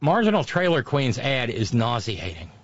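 A man's voice: mid-range voice, sing-song, normal speed, dry recording. Scornful male political commentator, lo-fi. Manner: sarcastic, scornful, name-calling.

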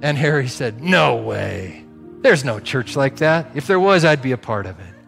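A man preaching a sermon, telling a story and acting out the dialogue in animated bursts. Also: medium pitch, a little fast, long reverb tail, soft background music. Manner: animated, acts out dialogue with rising volume. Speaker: pastor.

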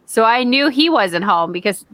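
A woman's voice: fairly high pitch, lively intonation, normal speed, a bit bright. Blunt, swearing woman podcast co-host. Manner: blunt, swears, acts out quotes in voices. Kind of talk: casual chat.

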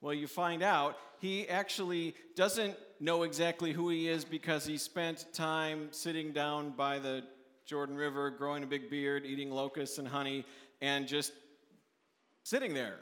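A man preaches an earnest midweek sermon, talking it through plainly and often restarting his phrases. His voice sits on the higher side, and long reverb from the church hall trails after each line. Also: little pitch movement, unhurried, fairly bright tone. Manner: earnest, restarts often, voices quoted questioners in a raised pitch. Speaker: pastor.

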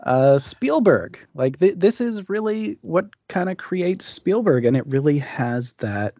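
A man's voice: on the high side, big pitch swings, unhurried, warm tone, no room sound, dull audio. A man co-hosting a podcast, chatting casually about films, with many fillers and restarts. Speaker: podcast co-host. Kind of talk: casual film discussion.

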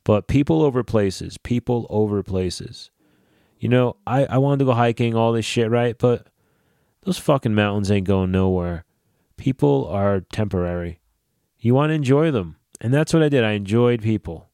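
A man hosting a casual solo podcast, swearing freely and ranting in a lively way. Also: mid-range voice, normal speed, clear, resonant tone, no echo, studio quality. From New Jersey / New York area. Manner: profane, animated ranting. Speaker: podcast host.

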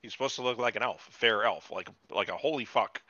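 A man co-hosting a casual podcast, animated and profane, acting out characters as he retells scenes. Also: on the low side, fast talker, no echo, highs cut off. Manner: animated, swears a lot, acts out characters mid-story. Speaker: podcast co-host. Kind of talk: casual profane recap chat.

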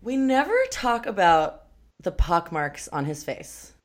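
A woman co-hosting a podcast, chatting casually about a film, animated, laughing and swearing often. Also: lowish voice, unhurried. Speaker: podcast co-host.

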